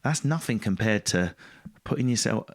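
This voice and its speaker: Lowish-voiced man, blunt and lively. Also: normal speed. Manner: blunt, swears freely, lively and self-mocking. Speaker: podcast guest, stand-up comedian. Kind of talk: casual interview storytelling.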